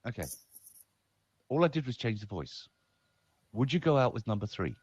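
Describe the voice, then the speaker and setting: Voice-over man, low and very lively in pitch, dry close mic, playful and theatrical. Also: brisk, husky, no echo, highs cut off. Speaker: voice-over artist and speaker. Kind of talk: podcast conversation.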